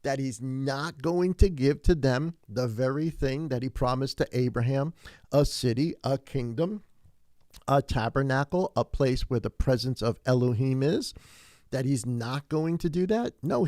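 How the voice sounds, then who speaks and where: A man preaching a sermon as pastor, animated, rising to emphatic peaks and often restarting his phrases. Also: medium pitch, unhurried, dry recording, studio quality.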